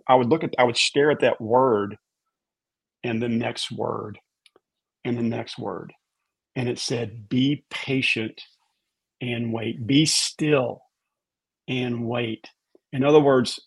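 A man's voice: mid-range voice, breathy edge. A man as a podcast guest, giving a heartfelt faith testimony and repeating words for emphasis.

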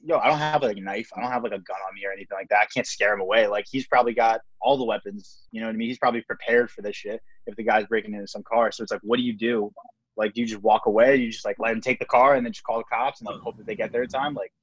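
A man's voice: lowish voice, steady tone, very fast, husky, no room sound, muffled recording. A young man hosting a podcast in casual chat, rambling with lots of filler words. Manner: rambling, lots of "like" and "you know what I mean". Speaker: podcast host.

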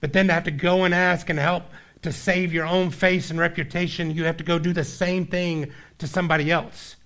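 A male pastor preaching a sermon, telling a story and acting out its characters, then dropping low and quiet to press his point. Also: flat delivery, fairly quick. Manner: storytelling, acts out voices, drops low and quiet for emphasis.

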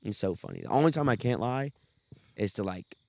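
Loud, laughing young man telling stories. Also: lowish voice, animated, brisk, creaky, no room sound. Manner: loud, profane storytelling, laughs often. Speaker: podcast co-host. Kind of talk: casual podcast chat.

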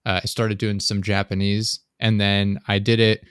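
Low-voiced young man, dry close mic. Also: normal speed, clear, resonant tone, dry recording. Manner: dry, deadpan jokes, rambling. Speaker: podcast co-host. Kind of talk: casual chat.

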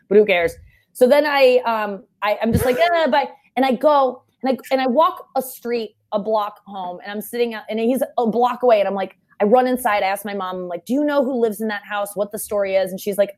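Animated young woman telling a story. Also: mid-range voice. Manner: animated storyteller, fast and breathless, acts out quotes with loud shouts. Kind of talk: casual chat.

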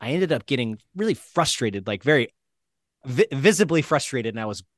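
A man from Florida, an injured veteran, telling his story as an interview guest in a casual, animated way, acting out the quotes. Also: medium pitch, moderate pace, no room sound, clean studio sound. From Florida, United States. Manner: animated, acts out quotes with shifts in voice.

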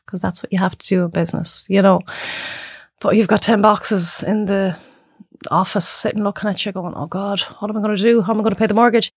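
An Irish woman in her thirties, guesting on a podcast, chats casually and tells animated stories, acting out the voices of people she quotes. Her husky, medium-pitched voice moves at a moderate pace, captured with studio quality and no echo.

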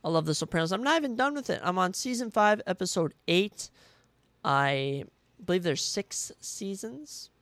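A young man hosts his own podcast and talks through his opinions in an eager, rambling way, often circling back to fix what he just said. His voice carries a gravelly rasp at the bottom. The sound is close and dry, with no room around it. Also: high-pitched, lively intonation, normal speed, fairly bright tone, no echo. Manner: enthusiastic, rambling, self-correcting. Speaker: podcast host. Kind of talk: solo casual chat.

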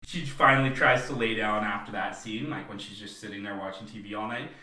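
Male podcast co-host, bright voice, animated storyteller, roomy sound from a bit off-mic. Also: on the low side, brisk. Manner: animated, acts out quotes in raised voices. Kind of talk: casual chat. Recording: roomy, slightly distant mic.

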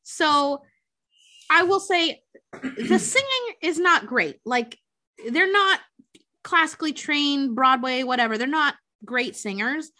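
This woman co-hosts a podcast and recaps a film in relaxed, chatty fashion, swearing often and acting out quotes. She sounds high, bright, and animated, with a forceful tone and a slow pace.

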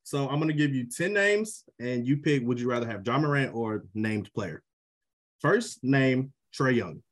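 A man co-hosting a sports podcast, running a quick-fire quiz segment in a brisk, playful way. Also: medium pitch, expressive. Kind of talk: casual sports chat.

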